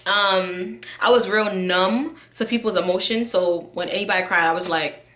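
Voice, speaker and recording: Chatty New woman vlogger, bright tone, roomy echo; candid, talks straight to viewers. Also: mid-range voice, moderate pace. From New York. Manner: chatty, candid, lots of fillers, addresses viewers directly. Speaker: YouTube vlogger. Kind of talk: casual chat to camera. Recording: echoey room.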